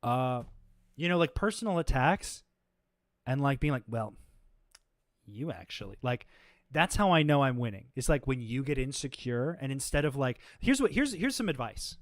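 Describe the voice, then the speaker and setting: Exasperated and combative, a man hosting a livestream talks off the cuff about being exhausted, full of fillers and false starts. He speaks at normal speed in a mid-range voice with big pitch swings, and there's no echo.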